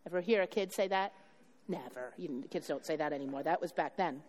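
A woman's voice: on the low side, animated, fairly quick, a little mellow. A woman pastor delivering a sermon, retelling a story with acted dialogue and questions to her congregation. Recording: long hall reverb.

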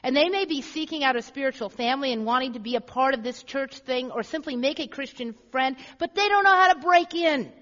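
High-voiced woman preaching in an echoey church. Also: a little fast, hardly any pauses, a bit bright. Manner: earnest, repeats phrases for emphasis. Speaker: pastor. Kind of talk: sermon. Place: church sanctuary. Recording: echoey hall, dull lo-fi sound.

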